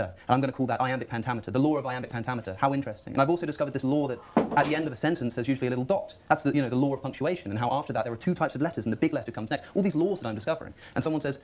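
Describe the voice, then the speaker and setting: A man speaking as a guest on a panel discussion, acting out little anecdotes in lively voices. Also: medium pitch, very fast.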